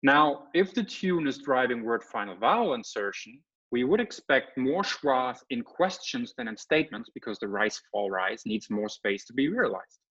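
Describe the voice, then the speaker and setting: A man's voice: mid-range voice, breathy edge. A man giving an academic lecture as a guest speaker. He explains step by step and often checks in with "right?" or "okay?". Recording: slightly muffled lecture audio.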